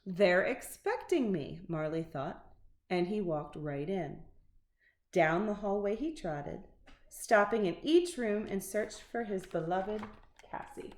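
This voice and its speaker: A woman reading a children's picture book aloud with expressive, unhurried storytelling. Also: medium pitch. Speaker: narrator. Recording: roomy echo.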